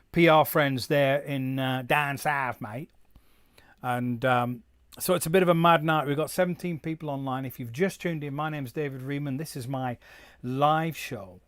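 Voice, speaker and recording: A middle-aged musician hosts his own live stream, rambling casually and reading viewers' comments aloud, sometimes slipping into German. His voice is fairly high, and the recording is dry.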